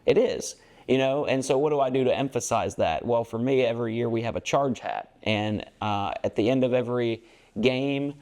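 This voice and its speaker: Team culture is the topic for this podcast co-host, a basketball coach whose mid-range voice has a darkish tone and moves at a moderate pace. He's earnest but rambling and casual, filling his talk with fillers.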